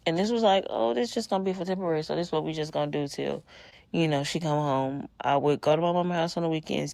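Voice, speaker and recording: A woman's voice: sits low, gravelly, darkish tone, no echo. A woman, hosting a podcast and telling a personal story in a candid, emotional, conversational way with many fillers. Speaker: podcast host. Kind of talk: casual storytelling monologue.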